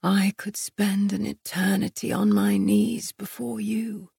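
Woman playing a tender teasing man, low gruff hush, slow, breathy, dry close sound. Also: little pitch movement, no room sound, exaggerated voice. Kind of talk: audiobook narration.

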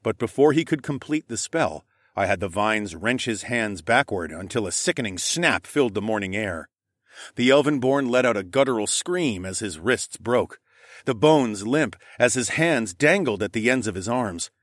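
A man narrating a fantasy story in the first person with dramatic, expressive reading. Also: lowish voice, moderate pace, no echo, clean studio sound.

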